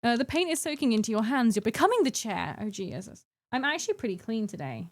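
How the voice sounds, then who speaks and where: A woman's voice: on the high side, very animated, fast talker. A young adult woman chatting casually with her live-stream chat while painting miniatures, giggling and bantering playfully.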